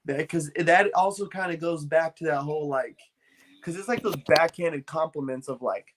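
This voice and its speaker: A man's voice: a little high, moderate pace, noisy background. A man hosting a casual podcast, laid-back and rambling, filling his talk with "like" and "dude" and the odd swear. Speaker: podcast host.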